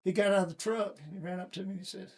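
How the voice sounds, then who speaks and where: A middle-aged man, a guest in a casual interview, tells a personal story in a folksy, plain-spoken way. His voice sits high and his tone is steady, and he talks very fast.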